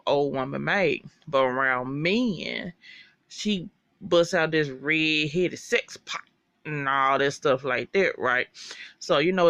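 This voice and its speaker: A speaker recapping a TV episode in a chatty, animated and profane way. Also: mid-range voice, dry recording, muffled recording. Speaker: TV show recapper.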